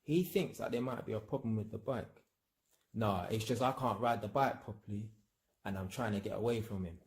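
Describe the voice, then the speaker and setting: A man's voice: fairly low pitch, normal speed, reverberant. A man vlogging, telling a personal story in casual slang and acting out sound effects. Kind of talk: storytelling monologue.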